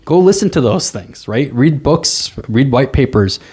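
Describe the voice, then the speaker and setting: A man's voice: mid-range voice, measured pace, husky. A man, a commercial real estate agent, telling stories as a guest in a casual interview, often tagging "right?" on his points. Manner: animated storyteller, repeats "right?".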